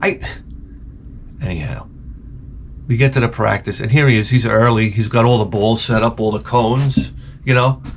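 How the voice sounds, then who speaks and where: A man's voice: medium pitch, fairly even intonation, brisk, a little hiss or hum. A middle-aged man with a Long Island accent, telling a rambling, sarcastic, profane story to camera. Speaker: vlogger. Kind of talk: ranting comedic storytelling.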